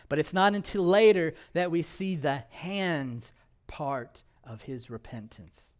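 A male pastor preaching a sermon, asking rhetorical questions and reading scripture, moving between loud emphatic passages and quiet, low stretches. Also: lively intonation, slow pace.

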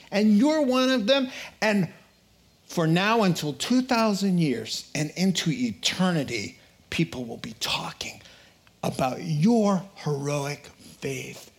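A pastor preaching a sermon in an animated way, acting out quotes and voices with humor. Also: male voice, high voice.

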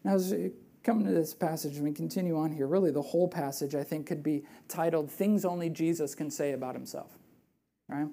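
A woman preaching a sermon in a lively, conversational way, asking rhetorical questions and dropping to a hushed, earnest voice for emphasis. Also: low-pitched, brisk, gravelly.

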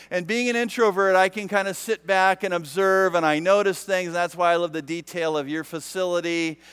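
Man, high voice, smooth resonant tone, casual funny storytelling, self-deprecating, lots of "like". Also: a bit bright. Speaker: speaker telling a story to a live audience. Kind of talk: humorous personal storytelling.

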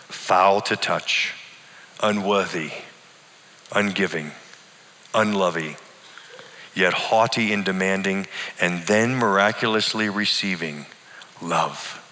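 A middle-aged man, a pastor, telling a personal story in an earnest, deliberate and emotional way, like a sermon. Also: deep voice, pushed and bright. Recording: long hall reverb.

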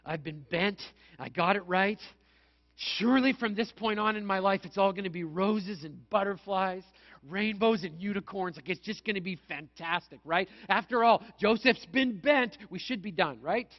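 A frustrated man complains to God in a whiny, indignant tone, as a preacher acts him out. His voice is high and keeps arguing his case. The recording sounds dull and lo-fi. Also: moderate pace. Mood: hopeful.

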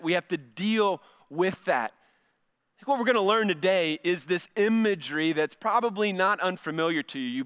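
Man, pastor, middle-aged, conversational sermon, smooth clear voice, high pitch. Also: a bit bright. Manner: conversational, repeats words when starting phrases.

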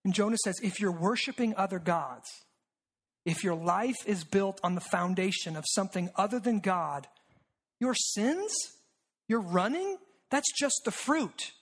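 A preacher mid-sermon, speaking in a rhetorical style full of repeated lines and quick "right?" checks. Key phrases are pressed home by sinking lower and softer. The delivery stays steady and earnest. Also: breathy edge. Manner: rhetorical and repetitive, with frequent "right?" asides; drops low and quiet for emphasis.

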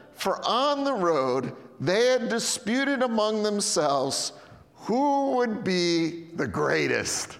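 A male pastor preaching a sermon in a church hall, animated and swinging between loud and hushed. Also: high voice. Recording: echoey hall with long reverb.

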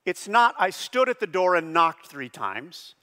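A middle-aged man preaching a sermon as pastor, animated, with loud high bursts on the phrases he stresses. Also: unhurried. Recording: long hall reverb.

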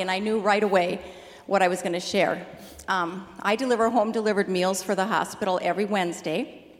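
An older woman shares a personal testimony, animated and quick to laugh. Her voice sits a bit high. The sound carries the long echo of a hall. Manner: lively, animated storyteller who laughs easily. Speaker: church member sharing a testimony.

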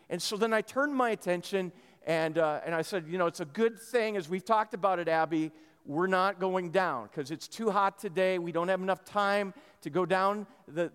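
A man preaching a sermon in a church, telling a story in a lively way with many restarts. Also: high voice, clean tone, in a large hall. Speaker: pastor.

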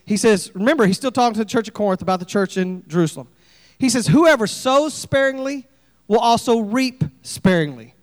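A pastor preaching a sermon, folksy and animated, acting out little scenes. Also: male voice, very high-pitched, big-room sound. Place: church sanctuary.

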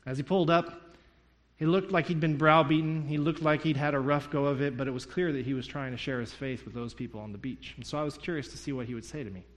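A man's voice: a little high, steady tone, fast. A man preaching a sermon, telling a story and acting out the dialogue in it. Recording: long hall reverb.

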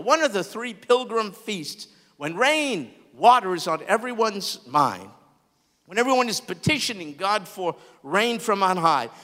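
A man preaching a sermon as pastor, expressive, with large swings in loudness. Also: high-pitched. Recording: long hall reverb.

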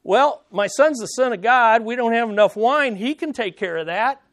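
A man voicing an upset mother who scolds her son in a sharp, raised voice. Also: very high-pitched, animated, normal speed, no room sound, studio quality, voice pushed up. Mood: exasperated.

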